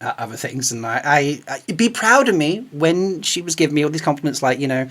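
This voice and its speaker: A man co-hosting a podcast, telling an excited anecdote, acting out what people said and laughing often. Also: fairly high pitch, quick pace. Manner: animated, acts out quoted voices, laughs often. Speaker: podcast co-host.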